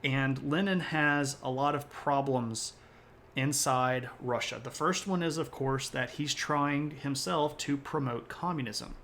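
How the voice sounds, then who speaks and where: A man's voice: medium pitch, a little slow, fairly bright tone, slight background noise. A man lecturing on history during a live stream, rambling a little, correcting himself and tossing in joking asides.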